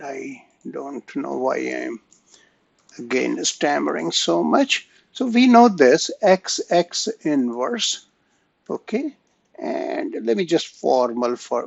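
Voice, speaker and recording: Slow, halting man with gravelly voice. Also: mid-range voice, no room sound, dull audio. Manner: slow, halting, frequent "right?" and "okay?" checks. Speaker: math lecturer. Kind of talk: online lecture.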